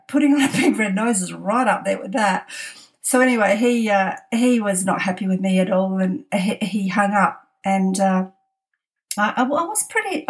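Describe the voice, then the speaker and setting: A middle-aged woman telling a family anecdote, laughing often and stammering as she acts out quotes. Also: mid-range voice. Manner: amused, laughs often, animated quoting, stammering restarts. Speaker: storyteller. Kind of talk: personal anecdote storytelling.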